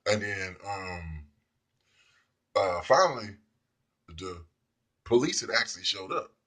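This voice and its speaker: A man's voice: deep voice, animated, takes it slowly, pushed and bright. A man telling a personal story in a loose, rambling way, now and then acting out the people in it. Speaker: speaker telling personal stories. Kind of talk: casual storytelling monologue.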